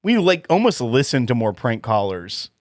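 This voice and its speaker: A man co-hosting a podcast in casual chat, animated and quick to laugh while he reminisces. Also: mid-range voice, dry recording, studio quality. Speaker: podcast co-host.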